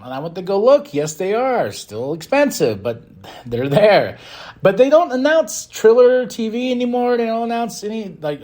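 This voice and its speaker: A fairly high-voiced man hosts his podcast with a casual, rambling recap. His pitch swings widely as he gets excited, and he laughs easily between points. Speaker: podcast host. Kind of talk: casual wrestling show recap.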